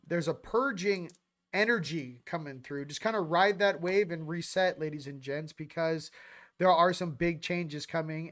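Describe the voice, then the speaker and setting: Upbeat man hosting a live stream. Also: a little high. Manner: upbeat, reading out viewer shout-outs; loose and rambling, with fillers. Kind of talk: casual live-stream chat.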